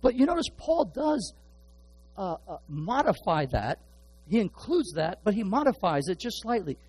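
Earnest preaching man, slightly high voice. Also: very animated, moderate pace, darkish tone, breathy edge, rough recording. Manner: earnest, repeats words and restarts often. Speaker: pastor. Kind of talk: sermon.

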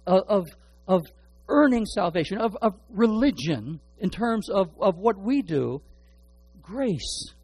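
Earnest preaching man, slightly high voice. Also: darkish tone, low-quality recording. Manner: earnest, repeats words and restarts often. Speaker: pastor. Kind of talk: sermon.

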